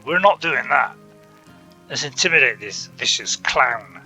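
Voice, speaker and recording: Bright-voiced man chatting over a game. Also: medium pitch, expressive, measured pace, faint music behind, low-quality recording. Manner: chatty, joking asides. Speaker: gaming channel host. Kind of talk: casual game commentary. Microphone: console app chat mic.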